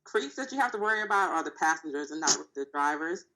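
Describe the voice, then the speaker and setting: Bright, lower-pitched woman explaining calmly. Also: rough recording. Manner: measured, explanatory. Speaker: rideshare driver guest. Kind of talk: casual roundtable.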